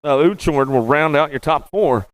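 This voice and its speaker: A man calling BMX races live as track announcer, rattling off rider names in a rapid, rhythmic play-by-play and repeating stock phrases. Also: on the high side, dry recording. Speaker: race announcer. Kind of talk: live race commentary.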